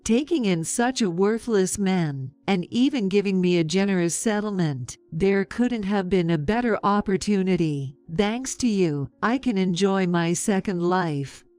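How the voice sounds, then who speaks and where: Slow, smooth woman narrating a story. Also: medium pitch, no echo, faint music behind. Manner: calm, measured, sarcastic.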